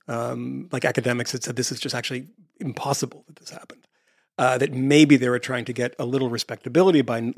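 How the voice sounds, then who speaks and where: A man hosting a casual interview, talking in an animated, emphatic way with quick asides. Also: mid-range voice, no echo, clean studio sound.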